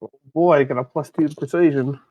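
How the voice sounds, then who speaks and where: A man's voice: a little high, steady tone, a little fast, no echo, muffled recording. Man, tabletop player, hesitant, dry close sound. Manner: hesitant, chuckling. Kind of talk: tabletop game play.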